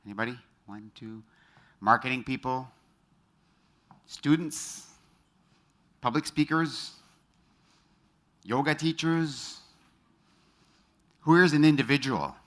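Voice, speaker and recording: A man's voice: medium pitch, expressive, a bit bright. A middle-aged man giving a motivational talk on stage, quizzing the audience and telling personal stories. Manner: engages the audience with quick show-of-hands questions; storytelling, personal anecdotes. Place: stage in front of a live audience.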